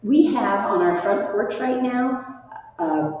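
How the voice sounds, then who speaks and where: A woman leading a children's chapel, explaining a scripture passage simply and gently to kids. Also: fairly high pitch, animated, slow. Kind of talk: children's sermon chat. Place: church. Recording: roomy church hall, distant mic, dull sound.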